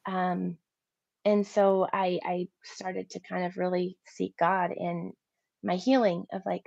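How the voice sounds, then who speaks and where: Woman in her thirties, gravelly edge, animated personal testimony, dry dull lo-fi sound. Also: on the low side, slow, no echo. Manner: animated storytelling, voicing her own past thoughts. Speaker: interview guest.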